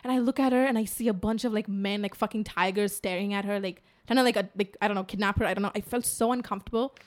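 A woman in her twenties chatting casually as a podcast co-host, telling stories in an animated way with swearing and laughter. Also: mid-range voice, fast talker, hardly any pauses. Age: 20s. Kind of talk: casual chat.

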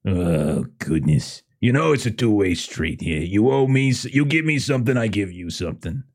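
A man's voice: fairly low pitch, animated, normal speed. A man doing a brash, sleazy magazine editor. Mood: needling. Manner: gruff, needling, mocking.

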